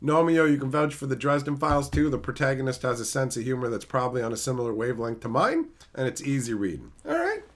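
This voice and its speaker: A man's voice: mid-range voice, fairly even intonation, fast talker, hardly any pauses. A man streaming casually, reading chat aloud and ranting with a lot of profanity.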